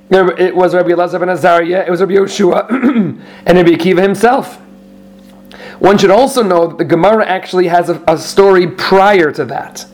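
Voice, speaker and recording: A high-pitched man teaching a Torah class in a conversational way. He reads out passages in Hebrew and Aramaic, then explains them in English, often restarting his sentences as he goes. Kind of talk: informal Torah lesson.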